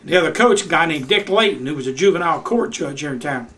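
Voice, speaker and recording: Older guy spinning yarns at his house, voice sits kinda high. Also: animated, quick pace, fairly bright tone. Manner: folksy Southern storyteller, acts out voices in his anecdotes. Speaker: retired youth baseball coach. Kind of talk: storytelling in a home visit. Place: living room of his house.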